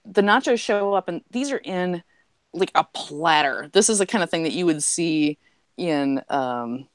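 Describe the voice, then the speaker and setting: Joke-telling woman with a low voice. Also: measured pace, dry recording. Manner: animated joke-telling with acted voices and many fillers. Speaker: podcast guest. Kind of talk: casual chat, telling jokes.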